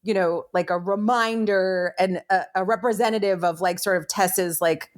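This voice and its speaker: A woman's voice: mid-range voice, steady tone, normal speed. A woman co-hosting a casual film podcast, rambling and filling her talk with "like". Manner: rambling, heavy use of "like". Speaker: podcast co-host. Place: Philadelphia.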